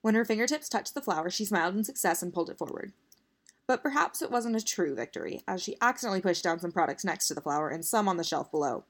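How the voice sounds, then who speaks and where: A woman narrating a story aloud with a casual, unpolished delivery. Her voice sits slightly low for a woman. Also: expressive, fast talker.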